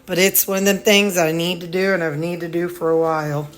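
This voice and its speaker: A woman's voice: fairly low pitch, level tone, a little fast. A woman with a Missouri accent, rambling casually as she shows her home on a handheld phone and chats to her dogs. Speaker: vlogger. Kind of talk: casual home tour vlog. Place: her house, indoors.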